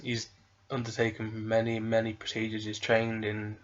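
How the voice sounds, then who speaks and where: Flat-voiced man on lo-fi audio. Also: fairly low pitch, moderate pace. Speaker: boyfriend guest. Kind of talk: casual chat.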